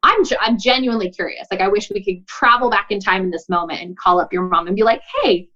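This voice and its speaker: A woman's voice: medium pitch, fast talker, sharp tone. Woman, podcast guest, casual advice giver; earnest, chatty, acts out dialogue; slightly muffled audio. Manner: earnest, uses many likes and you knows, acts out quoted dialogue. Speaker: podcast guest, boundaries coach.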